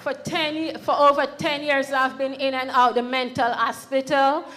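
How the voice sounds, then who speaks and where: A woman's voice: high voice, little pitch movement, moderate pace, fairly bright tone. A woman giving an earnest testimony at a church service. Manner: earnest, plain telling. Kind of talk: spoken testimony.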